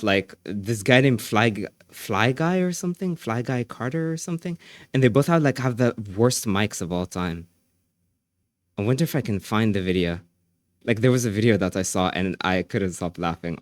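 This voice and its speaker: A man livestreaming, chatting casually with his viewers, excitable and repeating phrases as he laughs often. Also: lowish voice, no echo, clean studio sound.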